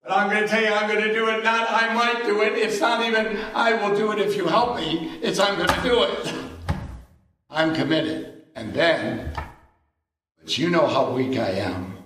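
A man's voice: high voice, moderate pace, sharp tone, reverberant. A man preaching a sermon in a conversational, emphatic way, now and then raising his voice. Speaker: pastor.

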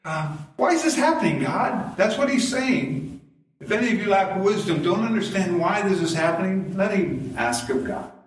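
A man's voice: high voice, big pitch swings, moderate pace. A middle-aged male pastor preaching a sermon, telling folksy stories and chuckling at his own jokes. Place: church sanctuary. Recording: very echoey church from a distance. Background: congregation responses.

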